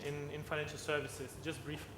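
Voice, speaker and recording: A man giving a conference presentation, halting, with frequent restarts and tag questions. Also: a little high, completely flat delivery, music in the background. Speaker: conference speaker. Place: conference hall. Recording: long hall reverb, faint noise.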